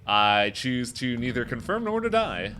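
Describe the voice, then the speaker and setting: A man streaming a video game live, chatting casually in a dry, deadpan way. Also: medium pitch, measured pace, background noise.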